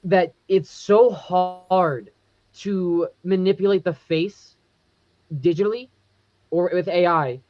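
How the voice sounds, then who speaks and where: A man's voice: high voice, steady tone, slow pace, dry recording. A man co-hosting a casual podcast chat, explaining his thoughts through rambling restarts. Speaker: podcast co-host. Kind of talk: casual horror movie chat. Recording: dry, dull lo-fi mic.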